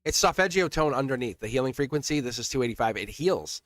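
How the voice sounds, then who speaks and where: A man's voice: medium pitch, animated, fast talker, no room sound. A man giving a live-stream tarot reading, chatty and laughing, speaking straight to his viewers. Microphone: desk mic. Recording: faint music behind the voice. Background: soft background music.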